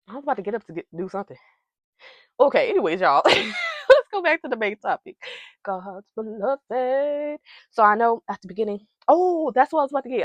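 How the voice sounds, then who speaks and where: A young woman talking in a casual makeup vlog, bubbly and giggly, jumping from topic to topic. Her voice sits at a middle pitch. The sound is dry and close, from a small wireless mic. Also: no room sound. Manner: hyper, giggly, rambling, talks straight to her viewers. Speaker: beauty vlogger. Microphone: wireless receiver mic.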